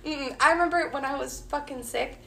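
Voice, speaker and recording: A woman's voice: high voice, fairly quick, creaky, fairly bright tone, a little hiss or hum. A woman co-hosting a podcast, telling a story in a casual, profane, laughing way. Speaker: podcast co-host.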